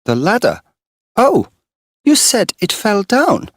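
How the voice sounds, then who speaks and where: A shrill young woman in a wild rage, put on by a male storybook reader. She yells high and loud, spitting out the same insults again and again. The sound is dry and close. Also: huge pitch swings, moderate pace, no echo, exaggerated voice. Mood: furious. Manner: shrill, shouting, repeating insults. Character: wildly angry young woman shouting.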